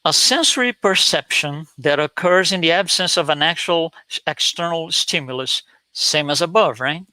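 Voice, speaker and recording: Man giving a slide talk, bright tone. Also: fairly high pitch, moderate pace, dry recording. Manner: storytelling, frequent restarts and fillers. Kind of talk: lecture with slides.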